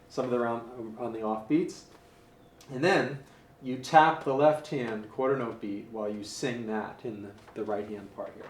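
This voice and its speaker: A man teaching jazz piano in a relaxed, casual way, counting beats aloud and scatting rhythms. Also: mid-range voice, normal speed. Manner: easygoing, counts beats aloud and scat-sings syllables. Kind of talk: casual spoken instruction. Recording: roomy, distant mic, faint hiss.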